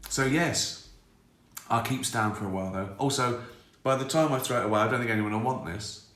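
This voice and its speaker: A man's voice: mid-range voice, fairly quick, a bit bright. A man in his sixties chatting casually on a live stream, rambling and mocking himself as he answers viewer questions. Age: 60s. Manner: rambling, self-mocking, chuckling. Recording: roomy echo.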